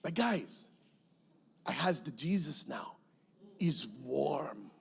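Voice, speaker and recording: A man's voice: very high-pitched, huge pitch swings, a little slow, vocal fry, husky, voice pushed up, heavily acted. A man voicing an earnest, newly converted henchman who speaks in broken English. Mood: hushed.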